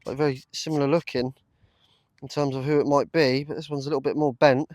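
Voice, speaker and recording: A man talking to camera in an open field, chatty and full of ums and uhs, quick to get excited. His voice sits at an ordinary middle pitch. The sound is close and dry, with no room around it. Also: dry recording. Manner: chatty, excitable, lots of fillers. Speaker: metal detecting vlogger. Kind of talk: casual commentary to camera.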